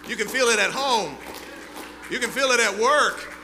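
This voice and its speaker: A male pastor preaching a sermon with fervent swings between loud and hushed delivery. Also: extremely high pitch, expressive, moderate pace. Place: church sanctuary. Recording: reverberant hall with faint hum.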